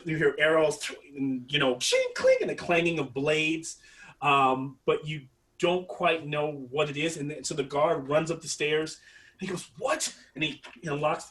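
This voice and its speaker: A man runs a tabletop game, narrating in a halting, rambling way and mimicking clangs and yells. His pitch is ordinary. He sounds a little away from the microphone. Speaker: game master. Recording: voice somewhat far from the mic.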